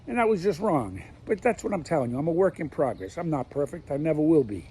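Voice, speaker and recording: A man's voice: on the high side, big pitch swings, fast, few pauses, warm tone, slight background noise, rough recording. Blunt, folksy middle-aged man rambling. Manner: candid, folksy, talks in plain blunt words. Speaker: vlogger. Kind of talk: rambling personal monologue. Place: outdoors, walking around his backyard pool.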